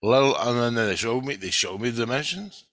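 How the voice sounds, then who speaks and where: A man's voice: mid-range voice, expressive, a little fast, fairly bright tone, dry recording. Profane rambling middle-aged man. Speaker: vlogger. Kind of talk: casual storytelling.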